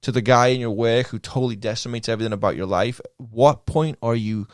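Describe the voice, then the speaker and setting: A man's voice: medium pitch, a little fast, no room sound, clean studio sound. A man with a Liverpool accent, a podcast guest telling stories in casual conversation and acting out the lines of the people in them. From England. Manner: lively storyteller who acts out quoted lines. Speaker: guest, pro skater.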